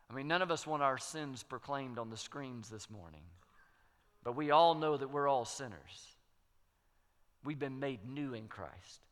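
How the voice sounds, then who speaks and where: A man's voice: fairly high pitch, pushed and bright. A man preaching a sermon as pastor, emphatic, repeating key phrases and building to strong peaks. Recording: long hall reverb.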